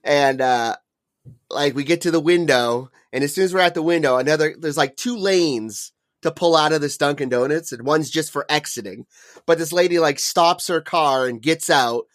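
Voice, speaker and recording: A man's voice: on the high side, moderate pace, fairly bright tone. A young man co-hosting a podcast, telling a long profane story in a rambling way full of "like" and "uh.". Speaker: podcast co-host. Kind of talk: casual storytelling chat.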